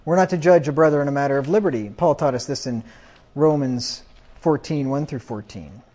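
A man preaching a sermon, quoting scripture emphatically and getting louder on the quotes. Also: a little high, fairly quick. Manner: emphatic, rises loud when quoting scripture. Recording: dull lo-fi recording.

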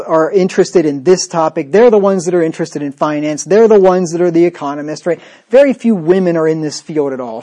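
A man's voice: high voice, mellow. Sarcastic, emphatic male preacher. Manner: emphatic, repetitive. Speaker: pastor. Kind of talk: sermon.

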